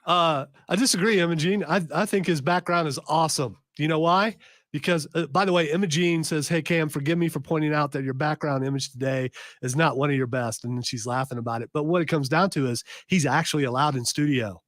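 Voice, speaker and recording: A man hosting a live talk radio show, reading news out loud and joking, stumbling over long names. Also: fairly high pitch, brisk, no echo, studio quality. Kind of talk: casual live radio chat.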